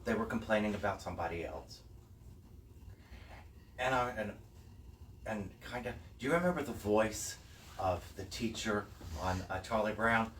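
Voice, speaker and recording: A man preaching a sermon as the minister of a church service, slow and reflective, rising to emphatic peaks. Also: lowish voice, animated, a bit bright, a little hiss or hum. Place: church hall. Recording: echoey hall, voice from far off, faint ambience.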